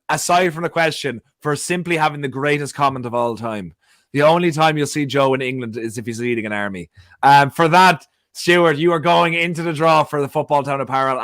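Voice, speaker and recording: A man's voice: mid-range voice, fairly bright tone, dry recording, studio quality. A man co-hosting a casual football fan panel over a video call, joking and reading out viewer comments. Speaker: panel show co-host.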